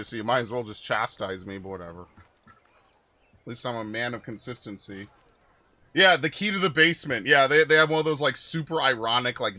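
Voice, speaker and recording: A man talking through a video game stream in a loose, rambling way, with a bright, forceful voice. He drifts between the game and side topics and swears often. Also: mid-range voice. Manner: rambling, profane, chatty asides. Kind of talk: casual gameplay commentary.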